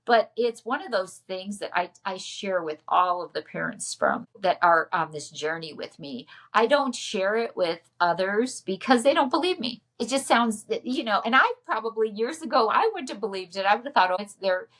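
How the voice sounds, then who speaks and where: A woman's voice: mid-range voice, animated, normal speed, few pauses, a bit bright. A woman telling a personal story as a podcast guest, emotional and earnest.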